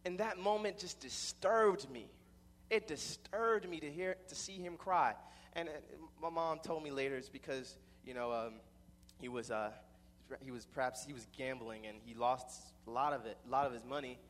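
A man's voice: a little high, normal speed, fairly bright tone, long reverb tail, a little hiss or hum. A young man telling a personal story in a rambling way, with many repeated restarts.

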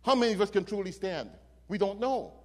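A man preaching a sermon, telling stories dramatically and swinging from hushed lines to loud ones. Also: high voice, lively intonation, brisk. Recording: long reverb of a hall.

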